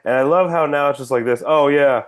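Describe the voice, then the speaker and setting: Speaking fast at a medium pitch, a man co-hosts a laid-back political podcast, ranting sarcastically and cursing freely.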